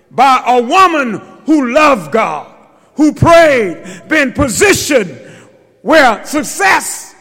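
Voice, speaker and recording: A man preaching a sermon, swinging between loud shouted lines and slow, quiet phrases. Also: high voice. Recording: long hall reverb.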